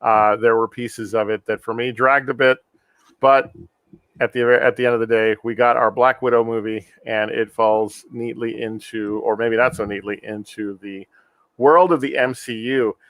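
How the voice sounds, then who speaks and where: A man hosting a movie review podcast, steering the talk in a measured way. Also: medium pitch, steady tone, a bit bright, dry recording. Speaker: podcast host. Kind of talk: casual movie review chat.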